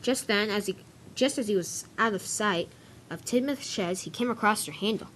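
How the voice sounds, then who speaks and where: A woman's voice: mid-range voice, normal speed, fairly bright tone, a little hiss or hum. A woman narrating a homemade toy-train story, improvising and restarting her sentences as she goes.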